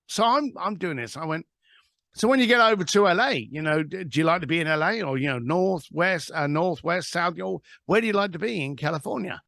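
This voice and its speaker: Lively man telling a story. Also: fairly high pitch, a little fast, vocal fry, no room sound, studio quality. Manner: animated anecdote teller, acts out both sides of phone calls. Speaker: guest, author. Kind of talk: storytelling interview.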